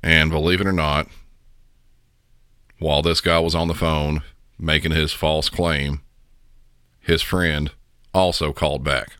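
Very deep, blunt male podcast host. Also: level tone, measured pace, pauses often, bright, forceful tone. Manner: blunt, opinionated. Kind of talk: casual commentary.

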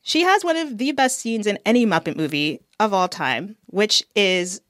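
A woman's voice: medium pitch, moderate pace, dry recording, clean studio sound. A woman co-hosting a podcast in casual, playful chat. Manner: playful, animated storytelling. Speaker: podcast co-host.

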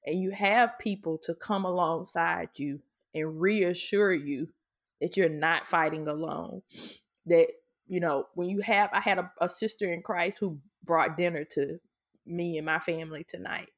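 Woman, lowish pitch, casual podcast chat, heartfelt, restarts often. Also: measured pace. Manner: candid, emotional, with many restarts. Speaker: podcast co-host.

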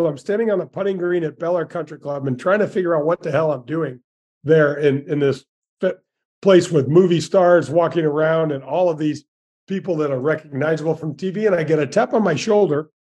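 Folksy sixties male guest, warm dark timbre, slightly high voice, eager anecdotes. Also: husky. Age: 60s. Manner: folksy and enthusiastic, many restarts. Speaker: guest, former tour golfer. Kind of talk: storytelling interview.

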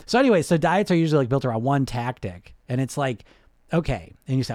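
A man talks straight to his viewers as a weight-loss coach, quick and animated, piling up fillers and restarts. His voice sits at an ordinary middle pitch. The sound is dry and close, with no room around it. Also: no room sound. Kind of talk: casual direct-to-camera talk.

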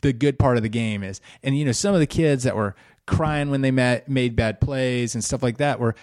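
A man who coaches youth flag football, chatting casually as co-host in an earnest, halting way. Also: medium pitch, a little mellow, no room sound, clean studio sound. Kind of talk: casual chat.

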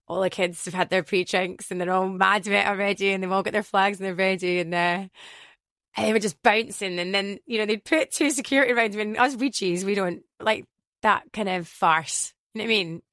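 Scottish woman, DJ guest, animated storyteller, close dry sound. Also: medium pitch, brisk, dry recording. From Glasgow, Scotland. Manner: animated storyteller who acts out quoted voices. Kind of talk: casual interview chat.

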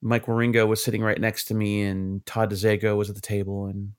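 A middle-aged man co-hosting a casual podcast, telling lively anecdotes and acting out the people in them, with the odd swear. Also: fairly low pitch, a little fast, clean tone. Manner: animated anecdotes, acts out quoted voices, swears. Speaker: podcast co-host, cartoonist. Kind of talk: casual storytelling chat.

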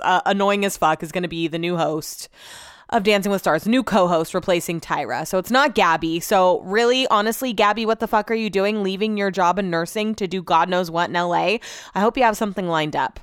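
A woman hosting a casual solo podcast, talking in an animated, chatty way and swearing freely. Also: mid-range voice, moderate pace, smooth, no room sound, studio quality. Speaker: podcast host.

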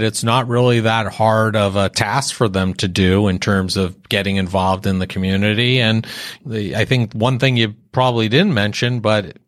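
Low-voiced man host, dry sound. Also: no room sound. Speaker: interview host. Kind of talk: conversational interview.

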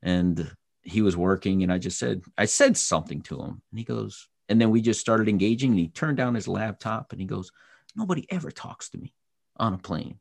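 A man hosting a podcast interview, telling stories in a casual, animated way and acting out the people in them. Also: on the low side, a little fast, gravelly, no room sound. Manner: animated storyteller, acts out voices. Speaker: podcast host.

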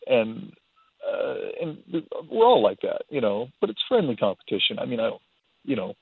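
Guitarist on a tinny phone line. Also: male voice, mid-range voice, sing-song, normal speed, creaky, slightly rough, no room sound. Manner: rambling, self-deprecating, repeats words. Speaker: guitarist guest. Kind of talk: casual phone interview.

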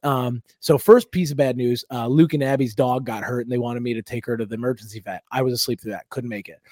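A young adult man hosting a comedy podcast, telling a long story in a loose, profane, animated way. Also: mid-range voice, fast, no room sound, clean studio sound.

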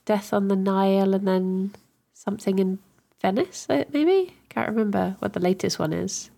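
A woman chats as a podcast co-host and tells her stories with energy. She laughs often as she talks. Her voice sits at a mid-height pitch. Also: moderate pace, creaky. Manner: animated storyteller, laughs often. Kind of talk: casual chat.

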